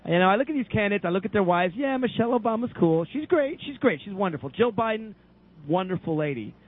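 A man co-hosting casual radio talk, effusive and quick to laugh. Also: sits high, animated. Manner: effusive, warm praise, laughs easily. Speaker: co-host. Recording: tinny phone line.

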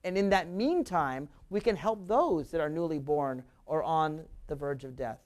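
A man's voice: on the high side, lively intonation, moderate pace, a little mellow. A man hosting a political talk radio show, delivering an emphatic, argumentative monologue that mocks his opponents.

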